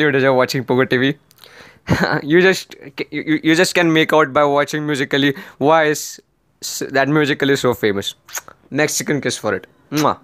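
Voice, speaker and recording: A man's voice: mid-range voice, fairly bright tone, clean tone, dry recording, studio quality. A man doing comedic roast commentary on video clips, sarcastic and rambling, often pleading in exasperation.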